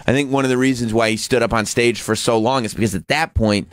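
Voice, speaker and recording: A man's voice: medium pitch, fairly even intonation, quick pace, dry recording, studio quality. A man hosting a talk radio show, bantering casually in a sarcastic, crude way. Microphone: studio microphone.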